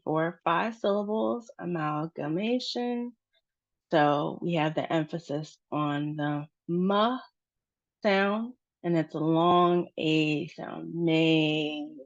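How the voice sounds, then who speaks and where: Slow, patient American woman teaching. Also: on the low side. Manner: patient, spells out stress and syllables slowly. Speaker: pronunciation teacher. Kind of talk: slow pronunciation lesson. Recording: dull, dry, lo-fi sound.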